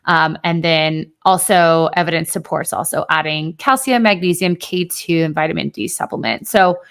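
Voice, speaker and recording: A woman's voice: deep voice, moderate pace, clean tone. A woman co-hosting a podcast, chatting casually and emphatically about fitness, with the odd swear word. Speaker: podcast co-host.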